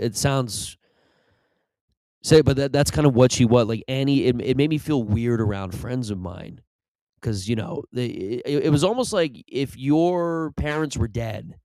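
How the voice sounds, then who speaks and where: A man's voice: medium pitch, dark tone, no room sound. A man hosting a comedy podcast, rambling through a casual monologue with restarts and sudden mock-ad bursts. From Irish family background. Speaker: comedian host.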